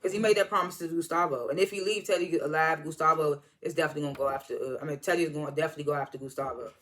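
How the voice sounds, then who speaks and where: A TV episode reviewer giving a casual, animated recap, often correcting themselves and breaking into excited exclamations. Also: mid-range voice, rapid-fire, a little hiss or hum. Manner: animated, rambling, self-correcting.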